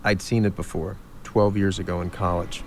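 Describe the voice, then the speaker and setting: Gravelly film narrator. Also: male voice, sits low, flat delivery, moderate pace, slight background noise. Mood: reflective. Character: man narrating his own story in film voice-over.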